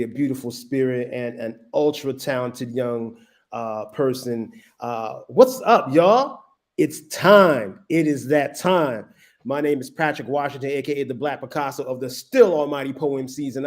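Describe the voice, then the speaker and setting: Male slam host, mid-pitched, unhurried, hype-man energy. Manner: energetic hype with many fillers. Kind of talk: hyped event hosting.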